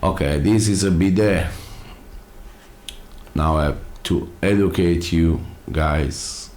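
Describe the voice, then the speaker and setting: A man's voice: sits low, slow pace, a little mellow, a little hiss or hum. An Italian-accented man hosting a reaction video, speaking casually and asking incredulous questions. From Italy.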